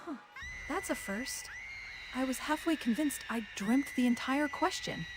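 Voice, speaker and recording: A woman's voice: high-pitched, lively intonation, unhurried, background noise. A woman co-hosting a stream, reading chat messages and answering them with playful, wry quips. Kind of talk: scripted witty replies to chat.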